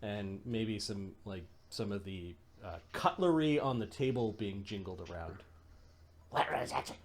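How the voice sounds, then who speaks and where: A man's voice: on the low side, a little slow, a little mellow. A man running a tabletop game as game master, describing scenes in a loose, casual way. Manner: descriptive, loose, laughing narration.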